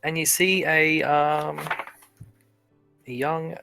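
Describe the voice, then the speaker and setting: A man's voice: on the high side, fairly even intonation, extremely slow, vocal fry, bright, forceful tone, faint music behind, poor audio. A man narrating as game master in a casual, laughing manner with many restarts. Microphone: headset or desk mic, streaming.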